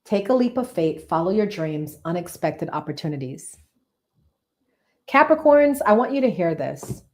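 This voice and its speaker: A woman with a slightly low voice hosts a live tarot reading. She talks to her viewers in a chatty, enthusiastic way and repeats phrases for emphasis. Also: lively intonation, normal speed, a little mellow. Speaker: tarot reader and live-stream host.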